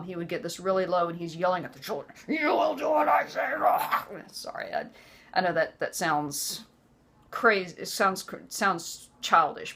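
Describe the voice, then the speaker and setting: A woman in her forties with a lowish voice tells her personal story straight to the camera. She speaks earnestly and haltingly, often stopping to restart a sentence. The delivery is an unscripted personal testimony. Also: a bit bright. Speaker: vlogger.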